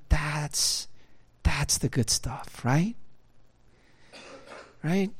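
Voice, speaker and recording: A man preaching a sermon as a pastor, in a conversational style with many fillers and tag questions. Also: on the high side. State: choked up at times.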